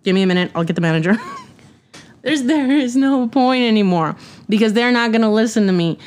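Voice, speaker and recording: A woman's voice: a little high, lively intonation, normal speed, a little mellow. A woman hosting a podcast, telling a casual, blunt story about difficult customers and swearing freely along the way. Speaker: podcast host.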